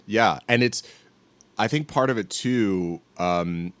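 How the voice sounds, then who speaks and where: A man co-hosting a podcast, talking earnestly with halting restarts in casual chat. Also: fairly low pitch, no echo. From northern United States. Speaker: podcast co-host.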